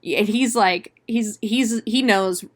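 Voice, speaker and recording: A woman hosting a podcast, recapping a movie in casual, profane chat full of "like" and quick exclamations. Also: on the high side. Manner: chatty, profane retelling with frequent "like"; laughs and exclaims often. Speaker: podcast host.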